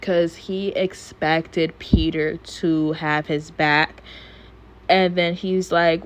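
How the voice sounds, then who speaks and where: A woman's voice: on the low side, fairly even intonation, slow pace. A woman casually recapping a cartoon episode, rambling and swearing freely as she chats. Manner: rambling, profane, chatty. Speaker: YouTuber reviewing a cartoon episode.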